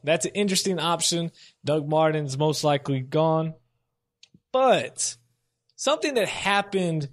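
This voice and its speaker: A young man with a slightly higher voice hosts a solo sports commentary show. He speaks casually and thinks out loud. His delivery is opinionated.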